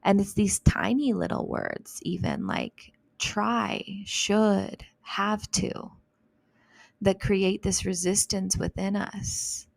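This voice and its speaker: A woman hosting a solo self-help podcast, talking in a gentle, reflective, casual way with plenty of "like" and "you know". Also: mid-range voice, sing-song, slow pace, creaky, few pauses, no room sound. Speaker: podcast host.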